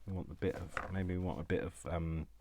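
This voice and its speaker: A man who talks fast and loud, chatting to himself by name while making crafts. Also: sits low, level tone, a little hiss or hum. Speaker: crafting channel host. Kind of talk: casual chat while crafting.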